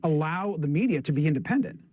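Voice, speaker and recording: A man's voice: a little high, animated, fast, mellow, no echo. Earnest congressman on a news interview, dry sound. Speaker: congressman guest. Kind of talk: phone interview.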